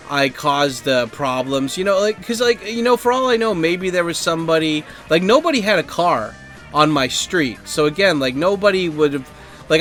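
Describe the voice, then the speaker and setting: A man's voice: a little high, fairly bright tone. A man telling a story on a podcast in a casual, rambling way, swearing and using many fillers. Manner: rambling, profane, heavy on fillers and acted quotes. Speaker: podcast host.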